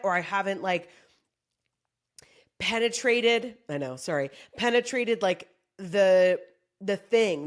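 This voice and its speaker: A woman comedian delivering a casual motivational monologue, joking and swearing freely as she talks. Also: mid-range voice. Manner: profane, joking, animated. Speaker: comedian giving a pep talk.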